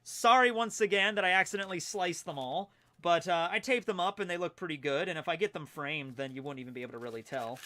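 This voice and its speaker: A man's voice: a little high, fast, few pauses, sharp tone. A young man chatting loosely from home on a livestream, rambling with lots of fillers as he goes through fan mail. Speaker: streamer reading fan mail. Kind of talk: casual livestream chat.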